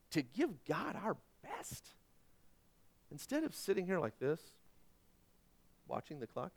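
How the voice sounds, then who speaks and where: Delivering a sermon, this middle-aged pastor is animated and pokes fun at himself, alternating loud asides with quiet, hushed points. His voice sits high and carries vocal fry.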